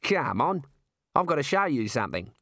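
A man's voice: medium pitch, very animated, normal speed, fairly bright tone, no room sound, clean studio sound. A man voicing a wily, chummy male talking kangaroo, coaxing and knowing in manner.

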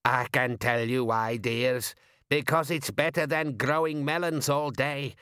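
A man's voice: medium pitch, measured pace, bright, forceful tone, clear, resonant tone, no echo, clean studio sound. A man voicing a very old, toothless woman who cackles and talks knowingly. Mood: knowing, teasing. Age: older.

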